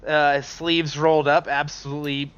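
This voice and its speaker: Game master, male, bright voice a touch high, loose and laughing, through a dull lo-fi mic. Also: little pitch movement, moderate pace, clean tone. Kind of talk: narrating a tabletop game.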